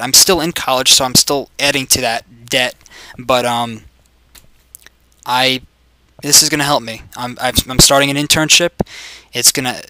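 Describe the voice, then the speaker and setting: A man in his twenties giving crude, profane commentary over his gameplay, yelling greetings at other players. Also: medium pitch. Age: 20s.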